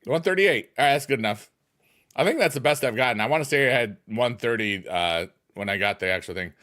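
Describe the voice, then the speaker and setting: A man's voice: mid-range voice, lively intonation, fairly quick, sharp tone. A middle-aged man streaming a mobile game, chatting casually with his viewers and breaking into goofy chicken noises. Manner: goofy, chants silly chicken noises, talks to chat.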